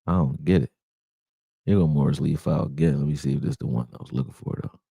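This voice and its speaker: Talking fast in a bass voice that's creaky and slightly rough, a young man walks y'all through football game film with animated, profane exasperation, addressing viewers directly in a casual breakdown. The recording is dry and clean, studio sound from a close desktop mic during screen sharing.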